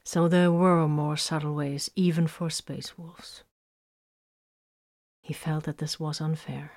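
A woman narrates a military adventure with emphatic bursts and sudden drops to hushed tones. Her voice sits on the lower side for a woman. The recording is dry and close, with no room sound. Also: flat delivery, takes it slowly, dry recording. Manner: dramatic swings between loud emphasis and hushed lines. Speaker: audiobook narrator. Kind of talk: scripted narration of military science fiction.

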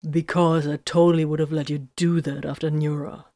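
A woman's voice: deep voice, level tone, normal speed, mellow, no echo, studio quality. A woman reading the part of a sarcastic male space warrior with an ironic edge.

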